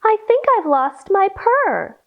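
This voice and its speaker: A small, sad but determined kitten, as a woman puts her on, asks in a high, pleading little voice. The pitch leaps up and down with plenty of lift. Every word comes slow and careful, like a storybook read aloud. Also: very animated, narrow, tinny audio, full character voice. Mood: plaintive.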